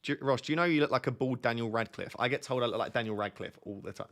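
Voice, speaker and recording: Young man, gravelly voice, middle pitch, casual stream chat, jokey, reads chat aloud. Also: fast talker, a bit bright. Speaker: FPL streamer.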